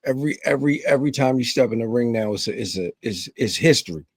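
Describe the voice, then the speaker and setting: A man's voice: mid-range voice, fast, husky, dry recording. A man hosting a podcast interview, asking questions casually and repeating words as he stammers. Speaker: podcast host.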